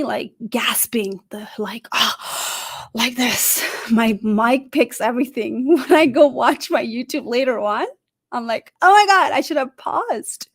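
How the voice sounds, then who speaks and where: Energetic woman coaching on job interviews. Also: a little high. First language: not English. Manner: animated, asks the audience questions, often adds "right?". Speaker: career coach. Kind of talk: live-streamed interview advice talk.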